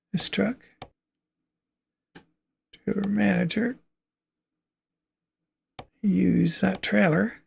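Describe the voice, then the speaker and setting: A man's voice: high voice, gravelly, slightly rough. A man from Canada hosting a livestream, chatting casually and thinking aloud as he plays a trucking game, with easy chuckles. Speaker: livestream host.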